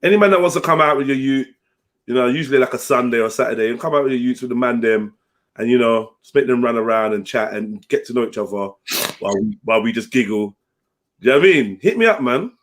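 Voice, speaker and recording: A man's voice: medium pitch, fast talker. A young man hosting a livestream, joking, swearing and laughing in slangy casual banter. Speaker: livestream host.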